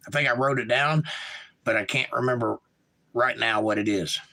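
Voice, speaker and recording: Gravelly Georgia-accented male streamer. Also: mid-range voice, moderate pace, pushed and bright, rough recording. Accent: Georgia, US South. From Georgia, USA. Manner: laid-back, reads chat messages aloud and replies. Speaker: livestream host. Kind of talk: casual livestream chat, reading comments aloud.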